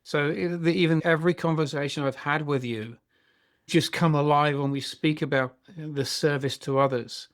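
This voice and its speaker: A man's voice: fairly high pitch, fairly even intonation, moderate pace. A man hosting a podcast interview, speaking reflectively and asking long questions. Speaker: podcast host. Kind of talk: interview chat.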